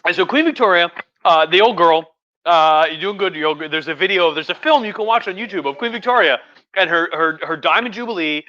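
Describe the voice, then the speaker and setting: A man's voice: high-pitched, lively intonation, brisk, bright, forceful tone, lo-fi sound. Tipsy man rambling through a history lecture. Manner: rambling, profane, chatty, many restarts. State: drunk. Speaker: history professor. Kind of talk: casual livestream history lecture.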